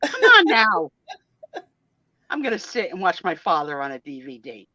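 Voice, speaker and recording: A woman's voice: low voice, expressive, fast, fairly bright tone, dry recording. A woman in her sixties, a guest on a casual live video chat, talking in a blunt, joking, self-mocking way. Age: 60s.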